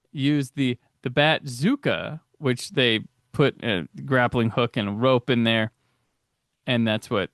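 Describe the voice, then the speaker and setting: A man's voice: mid-range voice, fairly bright tone, no room sound, clean studio sound. A man hosting a casual commentary podcast, chatty and laughing often, restarting his sentences. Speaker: podcast host.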